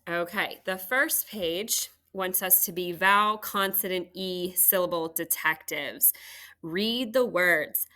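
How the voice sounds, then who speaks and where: A woman's voice: mid-range voice, sharp tone. A woman teaching a third grade phonics lesson, patiently sounding out words for students at home.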